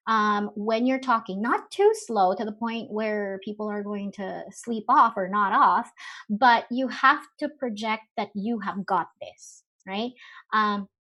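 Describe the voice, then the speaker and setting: A woman's voice: fairly high pitch, fairly bright tone. Chatty woman giving a webinar talk. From Philippines. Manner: conversational, many fillers and rhetorical questions. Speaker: webinar speaker. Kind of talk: live webinar presentation.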